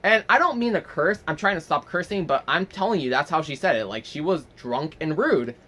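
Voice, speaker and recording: On the high side and brisk, a young man rambles through a story for his casual vlog. Animated and full of fillers, he swears freely and plays the characters in the tale.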